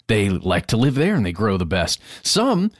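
A man co-hosting a casual chat podcast, laid-back and animated, saying "man" and "dude". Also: fairly low pitch, a little fast, no room sound, studio quality. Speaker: podcast co-host.

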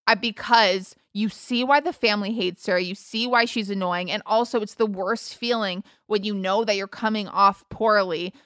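A woman's voice: medium pitch, steady tone, normal speed, hardly any pauses, a bit bright, no echo, studio quality. A woman co-hosting a casual film chat, gushing and tearful as she talks. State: crying. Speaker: podcast co-host. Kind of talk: casual chat about films.

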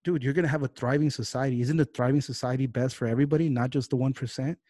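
A man's voice: mid-range voice, fairly even intonation, mellow, dry recording, clean studio sound. A man hosting a podcast, ranting heatedly and swearing freely in casual talk. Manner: heated, profane, fast-talking rants. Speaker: podcast host. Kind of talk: casual political rant.

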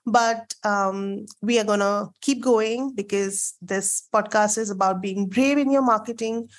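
A woman hosting a podcast interview, her voice nasal and croaky from a sore throat, bubbly and quick to laugh. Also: medium pitch, fairly even intonation. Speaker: podcast host. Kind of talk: casual interview chat.

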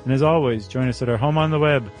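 A man co-hosting a podcast in casual, playful chat, joking and animated. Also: medium pitch, fast talker, faint music behind. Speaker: podcast co-host.

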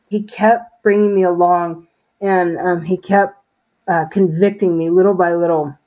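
This woman's voice sits on the low side, and the audio is dull. She's an interview guest sharing a personal faith testimony in conversation, earnest and storytelling, often saying "you know" and "like".

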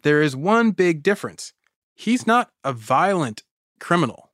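A man hosting a podcast, telling a story in a casual, animated way with frequent laughs and lots of "like". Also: on the high side, a little slow, no echo, clean studio sound. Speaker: podcast host.

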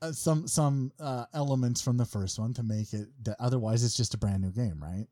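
A man's voice: medium pitch, a little fast, warm tone, dry recording, clean studio sound. A man hosting a casual podcast, rambling and joking with many fillers and restarts. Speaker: podcast host.

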